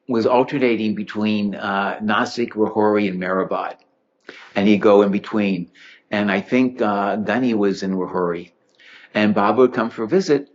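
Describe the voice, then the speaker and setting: Guy with a lowish voice telling funny stories at a talk, chuckly, sounds kinda muffled. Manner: witty, chuckling storyteller acting out quotes. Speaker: speaker giving a talk. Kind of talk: humorous anecdotal storytelling talk. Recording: dull lo-fi recording.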